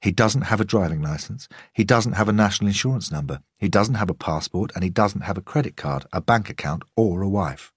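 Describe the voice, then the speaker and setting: Wren is a sharp, eager young policewoman, brisk and teasing, quick to insist on getting her way, as a male narrator voices her. The voice sits a bit higher than his own but keeps a husky grain. It is close and dry, an audiobook read. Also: lively intonation, dry recording. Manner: brisk, self-satisfied, insistent.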